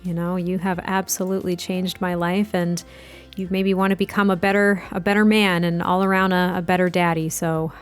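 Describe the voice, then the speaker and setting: A woman's voice: on the low side, flat delivery, normal speed, clear, resonant tone, soft background music, natural voice. A woman voicing a young adult man, a doting husband and new father who talks in an earnest, tender, rambling way.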